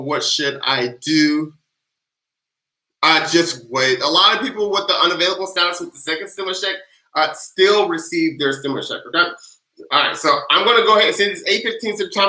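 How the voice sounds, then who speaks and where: A man hosting a casual livestream, answering viewer questions one after another and hyping up his audience. His voice sits high and very bright. The room around him is echoey. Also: a little fast. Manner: energetic, hyped chant leader, loud and playful. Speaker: livestream tax advice host.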